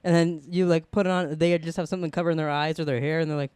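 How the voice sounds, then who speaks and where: Young male co-host, excitable rambler, slightly high and smooth. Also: racing, dry recording. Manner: excited, rambling with many "like"s and restarts. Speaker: podcast co-host. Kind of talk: casual TV review chat.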